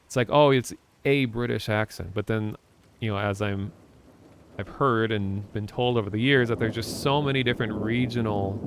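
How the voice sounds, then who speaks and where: Rambling, low-voiced American streamer. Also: male voice, a little hiss or hum. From Minnesota, USA. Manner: rambling, chatty, talks to chat. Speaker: livestreamer. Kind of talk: casual chat while playing games.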